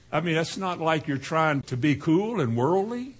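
A man's voice: a little high, very animated, normal speed, hardly any pauses, husky. A man preaching a sermon in a folksy way, now and then mimicking slang with a laugh.

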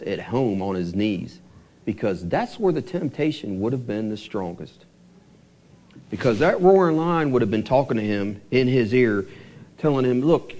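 A male pastor giving a sermon, asking the congregation rhetorical questions and slowing down for emphasis. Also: medium pitch, dark tone.

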